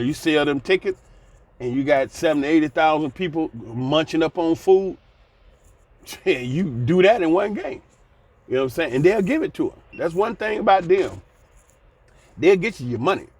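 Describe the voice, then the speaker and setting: A man's voice: a little high, no echo. A man in his sixties giving blunt, folksy commentary, ranting and sighing between points. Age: 60s. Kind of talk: casual commentary vlog.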